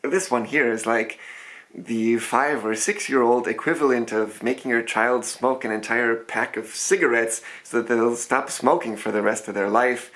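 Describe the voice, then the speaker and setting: A man's voice: medium pitch, normal speed, a bit bright. A man from the American Midwest hosting a casual comedic food vlog with dry, wry asides and a Midwest accent. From Chicago suburbs, American Midwest. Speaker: food vlogger host.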